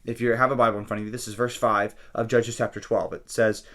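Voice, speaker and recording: A man's voice: fairly low pitch, little pitch movement, fast talker, a bit bright. A man, a pastor, casually talking through a daily Bible reading and often checking in with listeners with "okay?" and "right?". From California.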